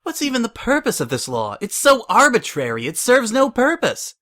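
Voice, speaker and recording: A man's voice: extremely high pitch, huge pitch swings, bright, forceful tone, voice pushed up, exaggerated voice. A man voicing a bookish mare pony who questions everything in disbelief. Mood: incredulous. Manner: incredulous, quick.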